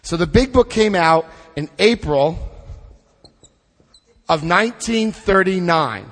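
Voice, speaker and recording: A middle-aged man leading a recovery group through a book study, speaking with emphatic, drawn-out stresses and asking the room questions. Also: high voice, lively intonation, a bit bright, long reverb tail. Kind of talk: impassioned recovery talk to a group.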